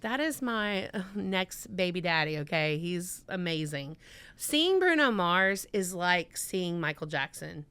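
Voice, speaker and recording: A woman's voice: lowish voice, sing-song, measured pace, bright, forceful tone, clean tone. A woman from Mississippi, a podcast guest chatting casually and acting out her own quotes as she tells stories. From Mississippi, USA.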